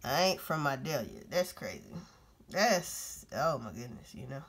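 A woman's voice: a bass voice, sing-song, measured pace, breathy edge. A woman vlogger commenting on news clips in a blunt, profane, casual way, talking straight to her viewers.

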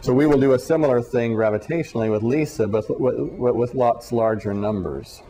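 A man with a warm, mid-range voice delivers a university physics lecture, speaking slowly and haltingly and frequently repeating words. He drops in dry, sarcastic asides along the way.

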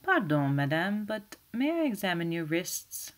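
A woman reading the part of a meticulous older male detective who speaks in quiet, half-whispered asides. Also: lowish voice, sing-song, unhurried. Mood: courteous.

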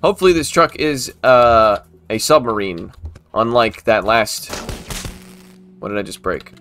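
A man's voice: lowish voice, unhurried, a bit bright, faint music behind. A man casually commentating his own gameplay, talking to the game and breaking into exasperated outbursts. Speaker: gaming video host.

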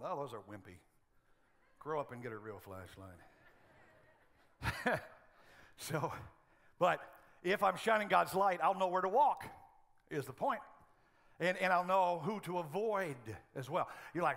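A middle-aged pastor preaching in a church, his voice high, gravelly and bright. He keeps the sermon lively with humorous stories and animated delivery. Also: a little slow, long pauses.

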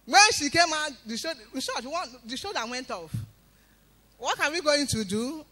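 A woman giving an emphatic spoken testimony in church, breaking into loud praise. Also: sits high, animated, normal speed.

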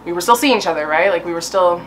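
A young woman telling a casual story-time vlog, chatty and full of fillers and swearing, a little high. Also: fast talker, slight background noise. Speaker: vlogger.

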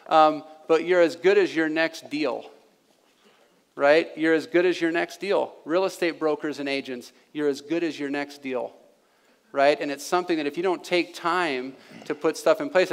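A man giving a live seminar talk to an audience, energetic and forever tagging his points with "right?". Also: fairly high pitch. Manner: energetic, keeps asking "right?". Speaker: seminar presenter. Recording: long hall reverb.

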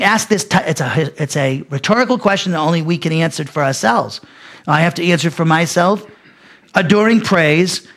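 A male pastor teaching a Bible lesson, speaking emphatically with frequent restarts and sudden loud peaks. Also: sits high.

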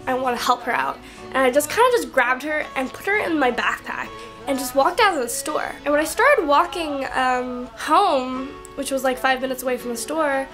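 A woman's voice: high voice, a bit bright. A young woman vlogger telling a story to her camera in a casual, rambling way, full of fillers and swearing.

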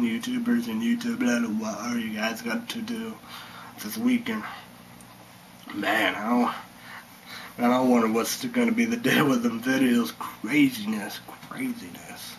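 A man's voice: mid-range voice, little pitch movement, moderate pace, slight background noise, poor audio. A man rambling through a casual vlog monologue, meandering and muttering, sometimes dropping to a whisper. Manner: meandering, mutters and drops to whispers, bursts into sung chants. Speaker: vlogger.

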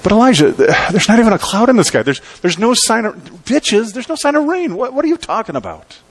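A pastor doing bewildered ancient kings, high and sputtering. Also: male voice, sing-song, slightly rough, exaggerated voice. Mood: incredulous. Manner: disbelieving, sputtering, rapid questions. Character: exasperated ancient kings, men, incredulous.

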